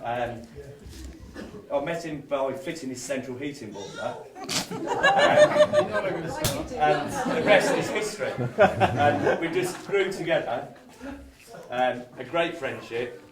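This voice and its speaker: A man's voice: medium pitch, animated, slow, long pauses. A man giving a toast at a wedding, heartfelt and admiring, getting a little emotional. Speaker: wedding guest giving a speech. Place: large hall with guests. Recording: roomy hall sound, far from the mic. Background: crowd of wedding guests.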